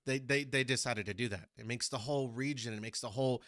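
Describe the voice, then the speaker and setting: A man's voice: medium pitch, fast, fairly bright tone, no room sound, clean studio sound. A man from Texas, hosting a casual reaction video in a chatty, rambling way and searching for words. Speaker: YouTube reaction host.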